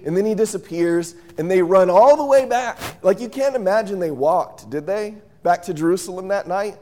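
Guy preaching a sermon, kinda high voice but mellow, acts out the story, asks the crowd stuff. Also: normal speed, hardly any pauses. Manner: lively storyteller, acts out scenes and quizzes the audience. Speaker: pastor.

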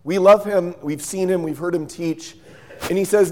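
A male pastor delivers a sermon in a fairly high but mellow voice. He tells the story with animated energy, acts out its scenes and pauses to quiz his listeners. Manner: lively storyteller, acts out scenes and quizzes the audience.

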